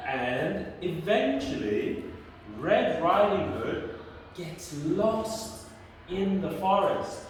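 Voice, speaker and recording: A woman teacher telling a children's story slowly, stopping often to quiz the child. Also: on the low side, slight background noise. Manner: slow, lively, quizzing the child often. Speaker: English teacher. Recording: echoey room from far off.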